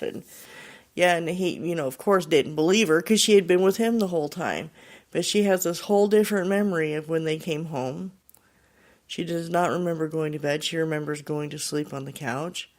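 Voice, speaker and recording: A man's voice: on the high side, moderate pace. A man hosting a show, casually retelling a listener's paranormal story in a rambling way, full of fillers. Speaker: podcast host.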